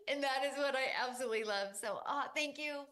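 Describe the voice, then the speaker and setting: Woman host on a webinar, gushy and encouraging, kinda high voice. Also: fairly bright tone. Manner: gushing, encouraging, proud. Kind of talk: live webinar chat.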